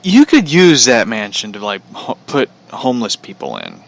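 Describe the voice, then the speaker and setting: A man's voice: medium pitch, wildly swooping pitch, moderate pace, creaky. A man from Missouri hosting a podcast, ranting casually in a blunt, profane, rambling way. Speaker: podcast host. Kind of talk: casual rant.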